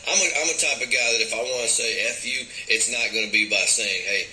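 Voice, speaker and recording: A man's voice: mid-range voice, fast talker, sharp tone, roomy sound, faint music behind, low-quality recording. A man speaking bluntly and profanely, giving his opinion in casual talk.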